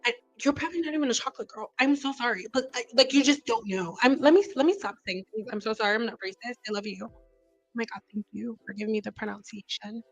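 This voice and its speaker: A young woman hosting a hair care live stream, chatting with viewers in a loud, playful way. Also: a little high, quick pace, soft background music, low-quality recording. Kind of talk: casual live-stream chat.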